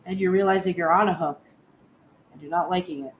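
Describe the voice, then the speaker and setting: A woman giving a frank, animated tarot reading in a casual spoken style, swearing now and then. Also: on the low side, a little fast, roomy sound, slight background noise. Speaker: tarot reader.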